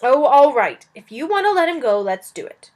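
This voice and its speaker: A woman's voice: high-pitched, big pitch swings, normal speed, voice pushed up. A woman voicing a stubborn, outspoken young princess who speaks decidedly. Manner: decided, sharp-tongued.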